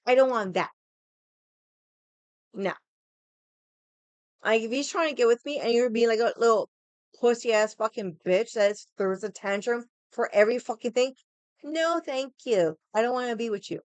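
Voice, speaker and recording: A young adult woman with a smooth, fairly high-pitched voice rants to her stream at a normal speed, leaving long pauses. Her casual venting is exasperated and full of swearing, and she mocks people in quoted voices. There's no echo.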